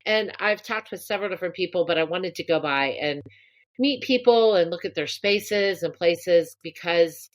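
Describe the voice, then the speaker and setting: Female co-host, low voice, animated warm storyteller, casual chat. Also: moderate pace. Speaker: podcast co-host.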